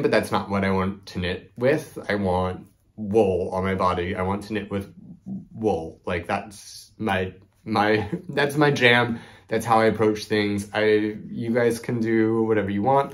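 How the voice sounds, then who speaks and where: Chatty low-voiced man talking knitting. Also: fairly even intonation, measured pace. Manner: chatty, rambling, frequent "like" and "um". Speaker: knitting podcast host. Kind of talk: casual chat to camera.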